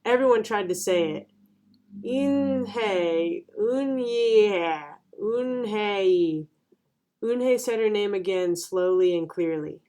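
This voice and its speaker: A woman reading a children's picture book aloud in a clear, even narration. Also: fairly low pitch, normal speed, hardly any pauses. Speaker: storyteller.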